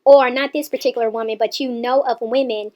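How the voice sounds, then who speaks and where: A woman's voice: fairly high pitch, fairly even intonation, fairly quick, darkish tone, lo-fi sound. A woman hosting a reaction channel, giving pointed, sarcastic commentary on a clip.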